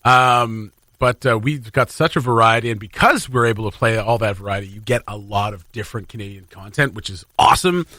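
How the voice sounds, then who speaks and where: A man's voice: on the low side, a little fast, few pauses, sharp tone, no echo. A man hosting a morning radio show in casual, upbeat banter, laughing often, on a studio mic. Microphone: studio microphone.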